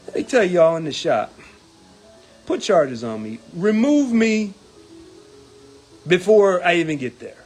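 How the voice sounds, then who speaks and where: A man's voice: sing-song, measured pace, long pauses, faint music behind. A man who sits on a union executive board reports back to members. He is hesitant over the numbers and grows indignant about salaries and being silenced. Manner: indignant, gets heated and rises in pitch when angry; hesitant with numbers, many ums and uhs. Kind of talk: casual report to viewers.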